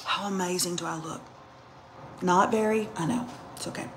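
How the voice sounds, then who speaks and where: A woman's voice: on the low side, steady tone, moderate pace, slight background noise. A woman, chatting and joking with viewers on a bedtime livestream at home. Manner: chatty, joking, talks straight to commenters. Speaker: livestream host. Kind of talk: casual live chat to viewers. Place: her home, getting ready for bed. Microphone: phone livestream.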